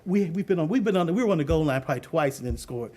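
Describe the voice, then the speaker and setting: A middle-aged man, a youth football coach, telling a leadership story in an animated way, laughing often and acting out what others said. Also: fairly high pitch, racing. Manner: animated, laughing often, acts out quoted voices.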